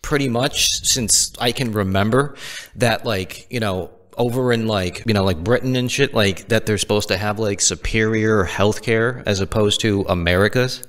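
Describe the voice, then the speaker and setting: A man's voice: lowish voice, moderate pace, fairly bright tone. A man co-hosting a casual podcast, joking and teasing, swearing often and filling his speech with "like" and "you know". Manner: swears a lot, many fillers like "like" and "you know". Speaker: podcast co-host. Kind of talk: casual chat.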